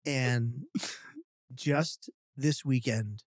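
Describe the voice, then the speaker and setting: A man's voice: mid-range voice, drawn-out words, no room sound, studio quality. A man, a podcast guest telling a funny story with acted-out quotes. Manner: animated storyteller, acting out quotes.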